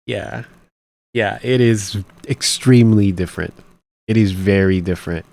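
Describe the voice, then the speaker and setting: A man's voice: lowish voice, a little slow, creaky, a little mellow. A man hosting a reaction video, talking casually and rambling as he thinks aloud with many restarts. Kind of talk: casual commentary.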